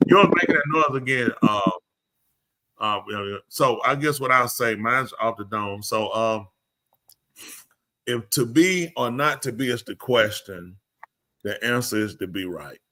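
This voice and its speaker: A man's voice: medium pitch, animated, a little slow, sharp tone, no echo, rough recording. A man hosting a live show, bantering playfully with a preacher-like cadence. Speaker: show host.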